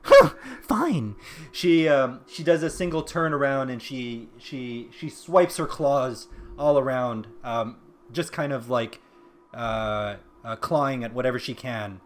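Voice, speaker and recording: A man narrating as game master of a tabletop game, often pausing with ums and restarting sentences. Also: medium pitch, a little hiss or hum. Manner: hesitant, full of ums and restarts. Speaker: dungeon master.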